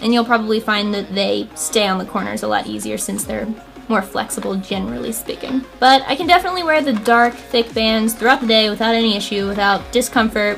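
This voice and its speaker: A woman's voice: medium pitch, fairly even intonation, fairly quick, gravelly, fairly bright tone, soft background music. A woman hosting a makeup tutorial, chatting casually and explaining each step with self-deprecating asides. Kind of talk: casual how-to talk.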